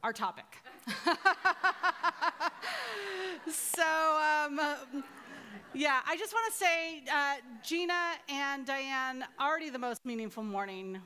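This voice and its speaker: A woman leads a women's Bible study into a microphone, and her voice sits high. She tells stories in a lively, self-deprecating way with a bright, forceful tone. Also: unhurried. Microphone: microphone through a speaker system.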